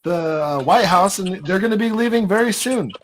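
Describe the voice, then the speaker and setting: A man chatting casually in a group video call, talking loosely with "like" and "honestly" and pausing often. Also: high voice, expressive, a crowd in the background.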